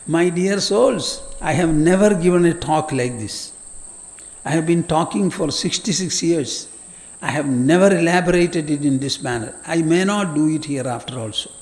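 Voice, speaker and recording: An elderly man, giving an earnest scripture lecture as a spiritual teacher, explaining verses deliberately to his listeners. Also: on the high side, darkish tone. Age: older. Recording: long hall reverb.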